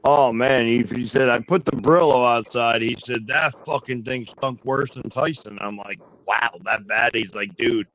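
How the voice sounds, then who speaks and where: A man telling a crude story in casual chat, with deadpan jokes and a lot of swearing. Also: mid-range voice, moderate pace, hardly any pauses, dry recording. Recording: dry dull lo-fi audio.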